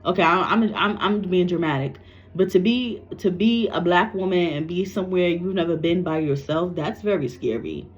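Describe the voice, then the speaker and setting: A woman's voice: lowish voice, moderate pace, muffled recording. A psychic medium, a woman from New York, animatedly tells a personal story to camera and swears freely.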